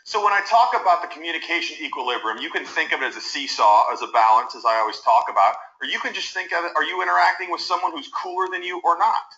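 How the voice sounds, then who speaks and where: A man gives an instructional talk, moving animatedly between example tones. His voice is bright and pressed. The recording is roomy and a little muffled, like a played-back video clip. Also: on the high side, fast talker, hardly any pauses. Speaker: communication coach.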